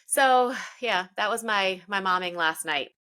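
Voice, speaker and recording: A woman's voice: mid-range voice, a little slow, pushed and bright, clean tone. A woman in her thirties co-hosting a casual chat, telling emotional stories. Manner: chatty, emotional storytelling. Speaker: podcast co-host.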